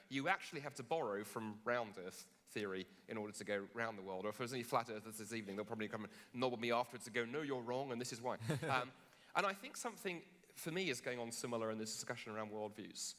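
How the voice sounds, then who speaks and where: A man, a Christian philosopher, debating in front of a live audience; jet lagged, he tells jokey, animated stories full of restarts. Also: mid-range voice. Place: large conference hall on stage. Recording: long hall reverb.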